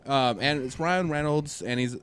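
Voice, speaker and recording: A young man with a smooth, clear voice at a middle pitch, chatting loosely on a podcast. He rambles, restarts his sentences and laughs easily. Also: moderate pace, a bit bright. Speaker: podcast co-host. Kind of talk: casual podcast chat.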